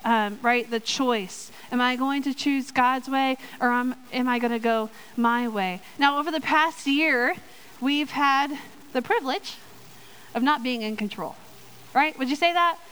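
A woman giving a sermon and reading a Bible story aloud, lively and playful with joking asides. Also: sits high, measured pace, smooth, rough recording. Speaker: church speaker in children's ministry.

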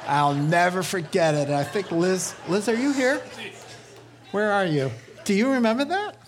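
A middle-aged man preaching a sermon as pastor, telling stories with lively voiced quotes and laughter. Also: sits high, normal speed.

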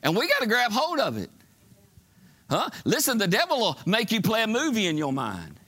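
A middle-aged man preaching a sermon in church, telling folksy stories and building to shouted exhortations. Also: high voice, wildly swooping pitch, normal speed. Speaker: pastor. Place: church sanctuary.

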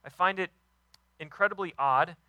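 A man preaching a sermon with enthusiastic, emphatic delivery, warm about his kids and his faith. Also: sits high, normal speed, no echo, poor audio. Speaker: pastor.

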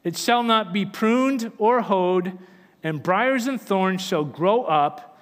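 A man's voice: sits high, lively intonation, takes it slowly, in a large hall. A man preaching a sermon, reading scripture aloud and explaining it with earnest, emphatic delivery. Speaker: pastor.

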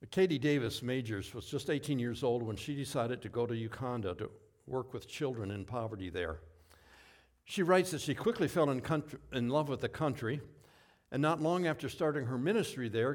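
With a mid-range voice at normal speed, this male pastor preaches by telling stories, keeping it relaxed and folksy while tossing in asides and correcting himself.

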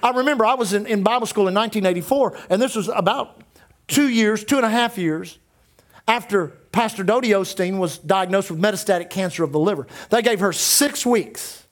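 A man's voice: high voice, a little fast. A man in his sixties preaching a sermon as pastor, emphatic and full of repeated declarations.

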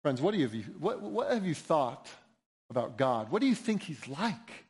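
Earnest preacher, a man with a high-set voice. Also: big pitch swings, normal speed, a little mellow. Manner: earnest, emphatic preaching with rising appeals. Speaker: pastor. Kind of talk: sermon.

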